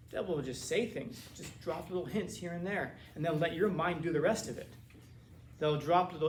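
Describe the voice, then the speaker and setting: A man with a somewhat high voice lectures a class in a relaxed, conversational way, often stumbling and repeating words as he finds his phrasing. He is recorded in an echoey classroom with a faint hum behind him. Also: brisk. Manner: casual, repeats words when searching for phrasing. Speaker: teacher.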